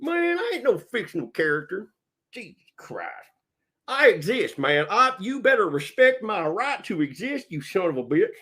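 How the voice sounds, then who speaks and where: A man voicing a crude, rowdy redneck hillbilly, rambling loud and boastful in a comic livestream bit. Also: high voice, sing-song, normal speed, slightly rough, pitched above the performer's own voice, heavily acted. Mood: indignant.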